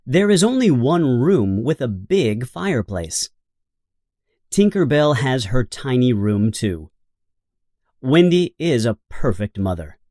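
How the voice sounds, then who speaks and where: A man reading a children's storybook aloud in a slow, simple, expressive narration. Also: medium pitch, no echo, clean studio sound. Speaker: audiobook narrator.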